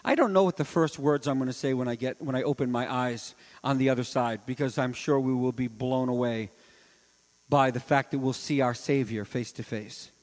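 A man preaching a sermon in a church, swinging between loud climaxes and hushed asides and asking rhetorical questions. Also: medium pitch, fairly even intonation, moderate pace, big-room sound. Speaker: pastor. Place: church sanctuary.

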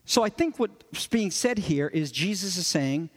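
A male pastor preaching, earnest and emphatic, his voice sitting high for a man. Long reverb from a large church sanctuary trails his words. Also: expressive, unhurried. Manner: emphatic, earnest, explanatory, with repeated rhetorical stress. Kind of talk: sermon.

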